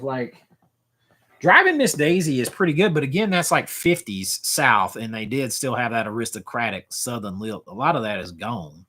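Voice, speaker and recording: A man's voice: medium pitch, animated, normal speed, bright, forceful tone, slightly rough. A man in his forties hosting a casual livestream, rambling as he answers chat comments, often trailing off and restarting. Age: 40s. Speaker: livestream host.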